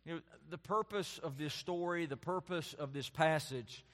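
A man delivers a sermon as a pastor, his voice sitting a little high for a man. He builds emphatic lists and then drops to soft, hushed asides. His voice rings through a reverberant church sanctuary. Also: normal speed. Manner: conversational preaching with rising emphatic lists and soft dropped asides.

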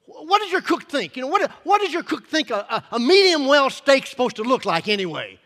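A pushy, demanding restaurant customer, as a preacher acts him out, barking complaints high and loud. He talks fast and impatiently, and the voice rings with a long hall reverb. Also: very animated, heavily acted. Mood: indignant. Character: rude, impatient diner complaining about a steak.

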